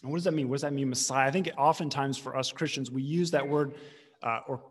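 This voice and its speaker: A man's voice: medium pitch, steady tone, fast talker, slightly rough, long reverb tail. A male pastor preaching a conversational, emphatic sermon, restarting phrases as he teaches.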